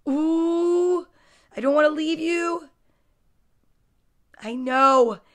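A woman hosts a casual storytime livestream, reading books in a high-pitched voice at a very slow pace. She's chatty and gushing, greeting viewers by name between books.

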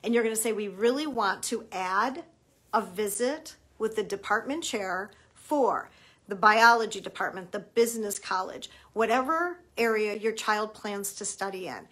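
A woman's voice: medium pitch, animated, moderate pace, a bit bright. A middle-aged woman, a college admissions consultant, giving emphatic advice to parents and acting out bits of quoted dialogue.

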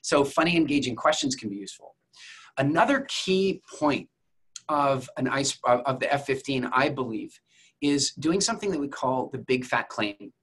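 Husky-voiced man teaching public speaking. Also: medium pitch, expressive, moderate pace, fairly bright tone. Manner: conversational, storytelling with examples; addresses viewers directly. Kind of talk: masterclass lecture.

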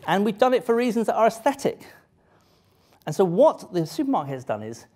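A man giving a live science lecture to an audience, lively and joking, often breaking off and restarting his sentences. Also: high voice, a little fast. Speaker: public lecturer. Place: lecture hall.

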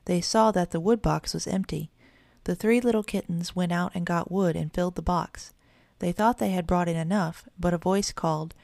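A woman reads a children's bedtime story aloud in an even, measured way. Her voice is low and gravelly. The recording is close and completely dry. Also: no echo. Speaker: narrator.

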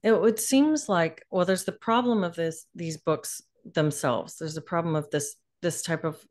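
A woman hosting a podcast interview, asking thoughtful questions in a halting way with restarted phrases. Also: fairly low pitch, a little mellow. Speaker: podcast host.

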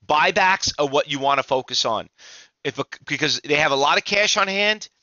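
An exhausted middle-aged man rambles through market commentary, restarting his sentences and pressing hard on his points. His voice is fairly high and forceful, and it sounds dry and close. The recording is slightly dull and lo-fi. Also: animated, moderate pace, dry recording. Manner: rambling, restarts often, emphatic. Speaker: trading instructor. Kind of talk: casual market commentary to viewers.

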